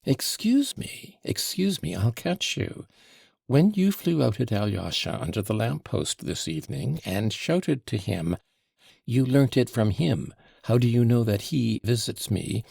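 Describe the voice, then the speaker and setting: A fawning, mocking devil dressed up as a shabby gentleman, put on by a man reading an audiobook. His voice sits higher than the reader's own, with gravelly creak and a husky edge. It flits between sly courtesy and little French flourishes, all recorded dry and close. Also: very animated, a little slow, dry recording, full character voice.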